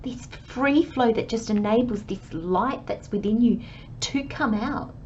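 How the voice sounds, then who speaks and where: Gentle chatty woman reading tarot. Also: a little high, a little slow. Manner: gentle, chatty, acts out little imagined dialogues. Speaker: tarot reader. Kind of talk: channelled tarot reading monologue. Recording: slightly dull, faint background hiss.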